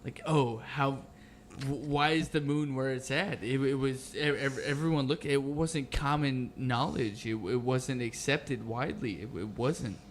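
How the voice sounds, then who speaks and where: A man talks casually as a guest, stumbling and repeating words as he searches for his point. His pitch sits in a mid range. Faint noise from the room runs underneath his voice. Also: fairly even intonation. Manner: halting, stammering, repeats words. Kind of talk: casual chat.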